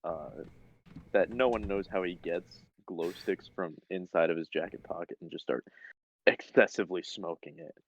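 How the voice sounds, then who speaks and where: A man's voice: sits low, normal speed, no echo. A man playing in a tabletop game, casually stating what his character does. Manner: laid-back, declares his character's actions. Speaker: player. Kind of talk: casual tabletop role-play. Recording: dull lo-fi mic.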